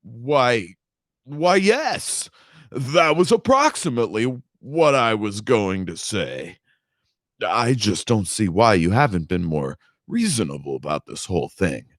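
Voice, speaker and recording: A man's voice: on the low side, very animated, slow, no echo, clean studio sound, voice pushed up, heavily acted. A man reading aloud, voicing a smug, condescending grown son who speaks pompously and preaches at his father.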